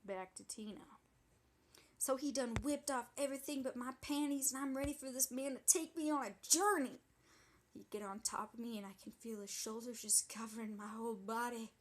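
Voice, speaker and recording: A woman's voice: fairly high pitch, moderate pace, lightly acted. Woman playing sassy gossiping young woman. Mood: dramatic gossip. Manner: breathless, indignant, gossipy storytelling. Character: sassy dramatic young woman telling a wild story. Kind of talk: comedic character monologue.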